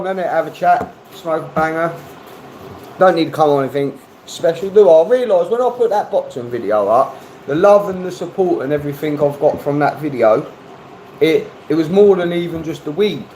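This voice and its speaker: A man's voice: fairly high pitch, darkish tone, slight background noise, rough recording. A man chatting casually on a livestream, laid-back, swearing freely and reading chat messages aloud. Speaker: livestream host.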